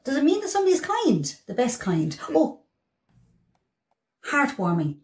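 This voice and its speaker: A woman's voice: high-pitched, huge pitch swings, unhurried. Hesitant, thoughtful woman. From southeast Ireland. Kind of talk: guessing meanings in a clip.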